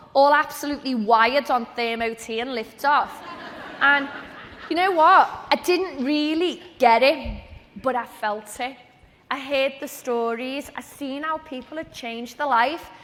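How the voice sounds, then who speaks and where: Bright-voiced woman telling her story. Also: sits high. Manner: lively storytelling, acts out quoted conversations. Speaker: speaker at a training event. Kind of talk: personal story told to a live audience. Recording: reverberant hall sound.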